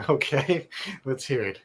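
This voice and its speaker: A man's voice: medium pitch, lively intonation, slow pace, breathy edge. A man hosting a casual call-in advice show, laughing often as he reads listener emails aloud. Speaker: talk show host. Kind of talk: casual comedic call-in chat.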